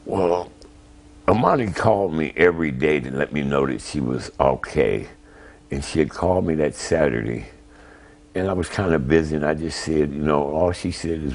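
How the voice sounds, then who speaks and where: Older man with a very deep voice. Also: darkish tone. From Ohio. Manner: plain, halting, retells phone calls. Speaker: interview guest, grandfather. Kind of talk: emotional interview answers.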